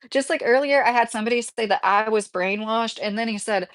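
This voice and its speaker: A woman's voice: a little high, steady tone, brisk, hardly any pauses. A woman livestreamer reading out chat comments and answering them in a heated, casual way.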